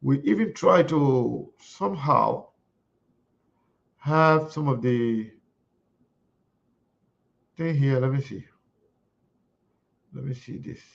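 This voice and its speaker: Gravelly male commentator, rambling. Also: medium pitch, slow, pauses often, lo-fi sound. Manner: rambling, searching aloud. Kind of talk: political commentary.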